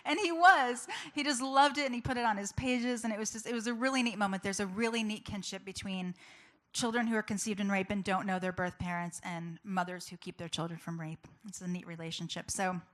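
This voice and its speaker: A woman's voice: medium pitch, flat delivery, brisk, hardly any pauses. Earnest woman giving a personal talk. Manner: earnest, conversational, with many fillers. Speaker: public speaker. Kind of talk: personal talk to a live audience.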